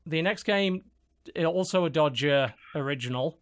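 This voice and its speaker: A man's voice: a little high, moderate pace. A man hosting a casual gaming podcast, dry and matter-of-fact as he moves through the list. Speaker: podcast host. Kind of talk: casual chat.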